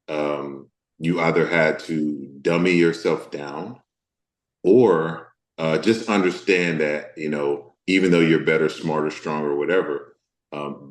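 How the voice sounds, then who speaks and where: An actor from the US Deep South speaks candidly as an interview guest in a reverberant space. He's thoughtful and halting, with lots of fillers.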